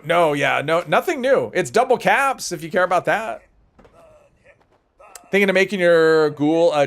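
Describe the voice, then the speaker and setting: A man's voice: on the high side, fairly bright tone. A man streaming a game live, chatting casually while he plays and rambling through viewer comments with self-deprecating humor. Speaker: gaming livestreamer.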